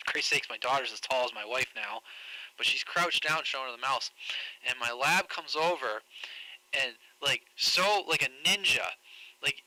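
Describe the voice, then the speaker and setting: A man's voice: medium pitch, sharp tone, no room sound, rough recording. A man co-hosting a radio show, telling laid-back anecdotes in casual chat. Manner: laid-back anecdotal, with fillers and quick laughs.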